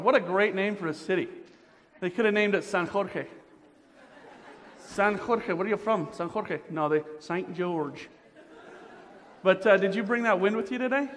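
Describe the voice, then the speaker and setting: A man emceeing a pageant, joking playfully and quizzing the audience as he warms up the crowd. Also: high-pitched. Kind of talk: crowd warm-up banter. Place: large indoor auditorium. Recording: reverberant hall with crowd noise.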